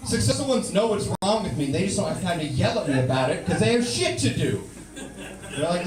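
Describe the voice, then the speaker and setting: A man performing a stand-up comedy set with an ironic, deadpan delivery. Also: on the high side, a little fast. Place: live comedy club. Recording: roomy, distant live room recording with noise.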